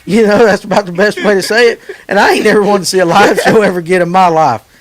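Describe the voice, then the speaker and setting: A man's voice: high-pitched, fairly even intonation, fast talker. A man hosting a fishing podcast, telling rambling, jokey stories in casual chat. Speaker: podcast host.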